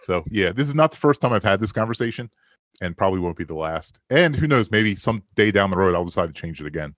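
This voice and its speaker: Forties guy from maryland, lowish voice, rambling stories w laughs, dead dry mic. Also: lively intonation, quick pace, a bit bright, no room sound. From Maryland, USA. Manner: rambling storyteller, laughs often. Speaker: podcast guest, film commentary maker. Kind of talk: casual podcast chat.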